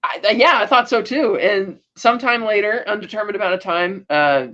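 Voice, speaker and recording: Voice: medium pitch, fairly quick, sharp tone. A podcast co-host talking through a TV episode in a casual, rambling way. Sentences restart and quoted lines get acted out along the way. The recording sounds muffled and lo-fi.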